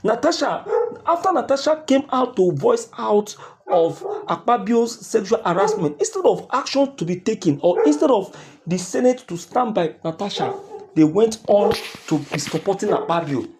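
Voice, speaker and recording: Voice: mid-range voice, expressive, moderate pace, darkish tone, slight background noise. A host with a Nigerian accent giving rambling news commentary, repeating words and slipping into Pidgin.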